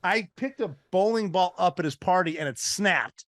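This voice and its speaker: A middle-aged man with a slightly high voice tells a story, his delivery dry. The sound is close and dead, with no room around it. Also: normal speed, a bit bright, no echo. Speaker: guest, retired Navy SEAL. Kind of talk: casual interview chat.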